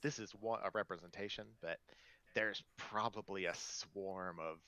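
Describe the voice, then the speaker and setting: A man's voice: low-pitched, fairly even intonation, moderate pace, pushed and bright, no room sound, poor audio. A man running a tabletop game as game master, narrating in a loose, rambling way.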